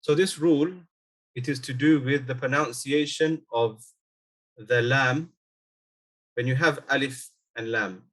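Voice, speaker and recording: Male language teacher, patient and methodical, mid pitch, slows down to model pronunciation. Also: a bit bright. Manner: patient, repeats example words slowly. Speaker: Arabic teacher. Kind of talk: online language lesson.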